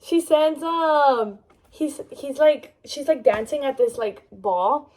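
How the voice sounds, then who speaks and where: High-voiced gushing young woman. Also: expressive, slow, darkish tone, poor audio. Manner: gushing, rambling, many fillers and restarts. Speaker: book vlogger. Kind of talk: casual book review chat.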